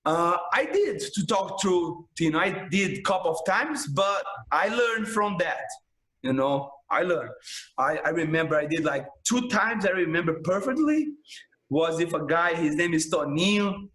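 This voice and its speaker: A Brazilian man with a high, lively-sounding voice speaks English as a second language, his phrases breaking and restarting. The room around him is roomy, with a clear echo. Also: measured pace. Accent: Brazilian Portuguese. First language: Portuguese. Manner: broken English, frequent restarts, emphatic "man". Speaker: jiu-jitsu instructor, podcast guest. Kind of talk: casual storytelling chat.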